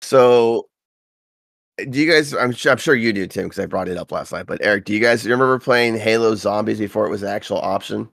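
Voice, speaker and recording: A man with a low, gravelly voice rambles through gaming anecdotes in a loose, profane podcast chat. He gets livelier when he quotes people, and his voice sits close and dry on the mic. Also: brisk, dry recording. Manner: rambling storyteller, profane, animated when quoting. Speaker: podcast co-host.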